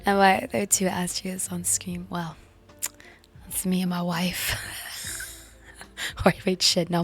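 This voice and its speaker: Hoarse, gravelly woman streamer. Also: on the low side, flat delivery, takes it slowly, long pauses, soft background music. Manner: chatty, giggly, reads chat aloud. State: hoarse, voice healing. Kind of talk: casual live-stream chat.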